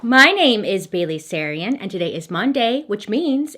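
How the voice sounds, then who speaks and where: Woman vlogger, bubbly and jokey, a bit breathless, very lively swooping pitch. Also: normal speed, few pauses. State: a little out of breath. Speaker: true crime vlogger doing her makeup. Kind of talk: casual chatty vlog.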